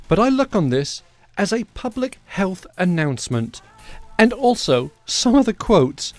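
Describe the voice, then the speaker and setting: A man hosting a podcast, giving sarcastic, animated comedic commentary on the news. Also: on the high side, no room sound. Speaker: podcast host.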